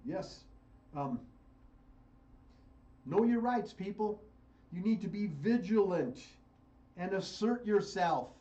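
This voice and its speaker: Man, American, radio host, impassioned preaching commentary, somewhat high pitch, muffled lo-fi audio. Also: lively intonation, slow pace, long pauses, mellow. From United States. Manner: fiery, preaching, repeats phrases for emphasis.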